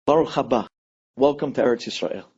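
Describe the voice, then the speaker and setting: A man, a rabbi, telling an inspirational story dramatically, acting out each person's pleas with big swings in pitch and loudness. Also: a little fast, husky, muffled recording.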